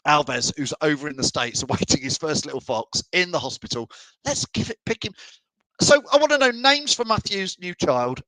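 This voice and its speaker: A man's voice: a little high, fairly bright tone, no echo, low-quality recording. A middle-aged man from England hosting a live fan show, chatting and teasing as he reads out viewers' messages. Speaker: fan channel host. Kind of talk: live stream chat reading comments.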